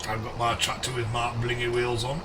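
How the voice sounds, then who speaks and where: A man live-streaming a game, greeting viewers by name in a chummy way, his voice going a little hoarse. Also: medium pitch, flat delivery, brisk, distant mic, noisy background.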